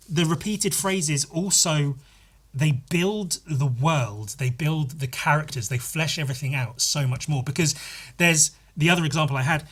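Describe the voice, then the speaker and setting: A young man hosting a podcast, talking through a film in a casual, animated way, swearing freely and acting out quoted lines. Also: medium pitch, husky. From United Kingdom. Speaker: podcast host. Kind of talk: casual film-analysis monologue.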